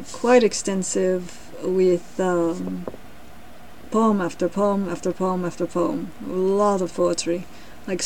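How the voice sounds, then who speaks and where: A woman's voice: fairly low pitch, darkish tone, a little hiss or hum, poor audio. A woman in a casual vlog reading from a family book, chatting in rambling asides and laughing often. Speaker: reader sharing her grandmother's books.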